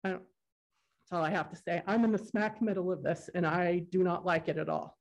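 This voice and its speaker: A woman's voice: lowish voice, a little fast. A resident woman giving unprepared, emotional public comment at a council meeting, earnest and insistent. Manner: emotional, earnest, a bit unrehearsed. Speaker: resident testifying at a public hearing.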